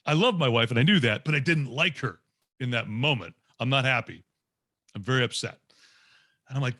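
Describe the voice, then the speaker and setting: A man's voice: medium pitch, normal speed, pushed and bright, no room sound, clean studio sound. A man in his late forties tells a candid, self-mocking personal story to a group over a video call. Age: 40s. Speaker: guest speaker.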